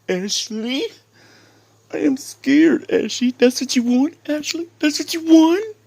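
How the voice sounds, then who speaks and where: A man putting on a whiny, cowardly grown man to mock him, in a gravelly voice. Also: very high voice, a little mellow, no echo, voice pushed up, heavily acted. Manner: mocking, whining.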